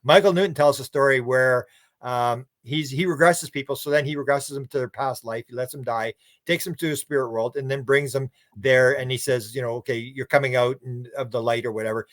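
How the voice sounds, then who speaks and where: A man's voice: mid-range voice, a little fast, a bit bright, dry recording, studio quality. A man who is a guest on a podcast. He tells stories in a rambling, casual way, restarts his words and acts out what other people said. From Canada. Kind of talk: casual conversational storytelling.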